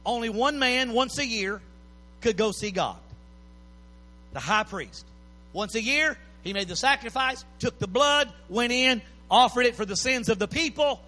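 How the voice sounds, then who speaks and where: A man's voice: extremely high pitch, expressive, unhurried, pushed and bright. A man preaching a sermon, impassioned, with repeated pleading phrases.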